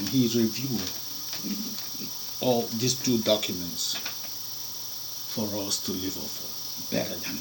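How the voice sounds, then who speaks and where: A man's voice: lowish voice, very noisy. A man preaching an impassioned sermon, firing rhetorical questions and repeating and breaking off phrases.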